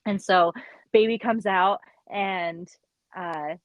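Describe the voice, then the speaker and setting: A woman who works as a midwife, chatting on a podcast and telling stories in an animated way, acting out what people said. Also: medium pitch, slow, no echo, poor audio. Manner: animated storyteller, quotes people in lively voices. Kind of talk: casual chat.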